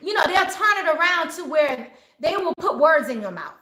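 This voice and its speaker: A woman's voice: high-pitched, moderate pace. A middle-aged woman, a spiritual advisor, talking casually and animatedly to her viewers and acting out what people say. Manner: animated, acts out quoted voices. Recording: roomy echo.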